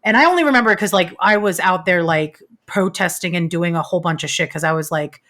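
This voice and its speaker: Young woman guest on a podcast, low-ish voice, swears a lot, quick bursts. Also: fairly bright tone. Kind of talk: casual podcast chat.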